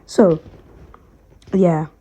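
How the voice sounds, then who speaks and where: A tired woman venting to the camera about her workplace, frustrated and pausing to collect herself. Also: lowish voice, fairly even intonation, dark tone, a little hiss or hum. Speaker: storytime vlogger. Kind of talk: emotional personal vent.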